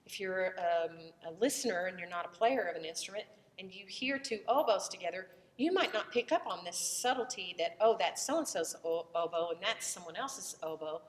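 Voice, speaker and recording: A woman's voice: fairly low pitch, animated, moderate pace, hardly any pauses, in a large hall. A woman voice teacher who has a cold, explaining the vocal tract in a loose, conversational lesson and breaking into short vowel demonstrations.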